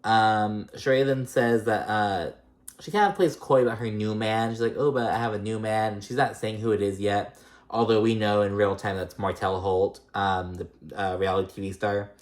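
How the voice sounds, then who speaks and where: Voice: medium pitch, fairly even intonation, normal speed. A vlogger giving a casual, chatty recap of a reality show episode, swearing freely and using lots of "um" and "like". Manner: chatty, swearing, many fillers.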